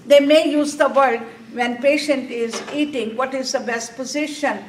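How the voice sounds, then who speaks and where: A woman's voice: high voice, fairly even intonation, moderate pace. A woman teaching a nursing exam class, asking questions and answering them herself. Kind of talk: classroom lecture. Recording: echoey classroom from a distance, faint room noise.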